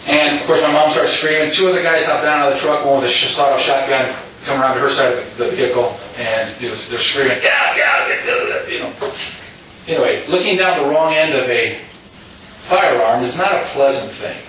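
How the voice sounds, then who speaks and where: A man's voice: medium pitch, fairly quick, a bit bright, slight background noise. A middle-aged man telling a personal story to an audience, rambling with many asides and restarts. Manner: rambling, with frequent "you know" asides and restarts. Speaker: speaker telling his story. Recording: echoey hall, distant mic.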